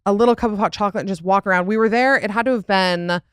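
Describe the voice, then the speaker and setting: A young woman hosting a podcast in a loose, rambling way, dropping "like" all through her talk and laughing often. Her voice sits at a middle pitch and is recorded close and dry. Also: very fast, fairly bright tone, clear, resonant tone, no room sound. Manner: chatty, rambling, lots of "like" and laughs. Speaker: podcast host. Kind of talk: casual chat.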